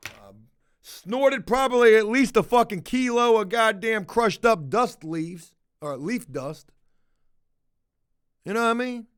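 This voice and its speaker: A man's voice: high-pitched, takes it slowly, clear, resonant tone. A man hosting a casual livestream, answering chat in a blunt, rambling, heavily profane way. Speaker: livestream host reading chat.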